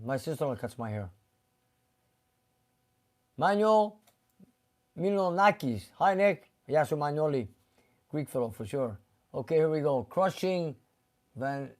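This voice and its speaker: A man with a somewhat high voice hosts a casual live stream from his garage. He reads viewer comments aloud one after another, chatting loosely about each, and now and then slips into Greek phrases. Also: a little mellow. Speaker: host reading live chat. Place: car garage shop.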